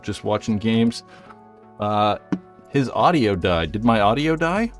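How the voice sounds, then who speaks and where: A man's voice: on the low side, very animated, slow pace, faint music behind. A man hosting a casual live stream, rambling and joking as he reads out viewers' messages, a little out of breath. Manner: rambling, jokey, reads chat aloud.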